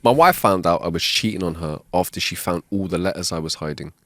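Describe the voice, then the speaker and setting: A man's voice: sits low, fast, no room sound, clean studio sound. A man co-hosting a casual podcast, reading jokes aloud and voicing the characters in them. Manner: reads jokes with voiced characters, animated. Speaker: podcast co-host. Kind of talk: casual joke-telling chat. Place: home studio. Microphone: wireless clip-on mic.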